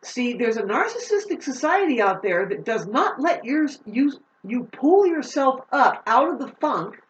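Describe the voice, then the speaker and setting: A woman vlogger giving an unscripted astrology monologue, swearing freely and swinging between loud, heated outbursts and low, slow explanation. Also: very animated. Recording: roomy, distant, dull-sounding audio.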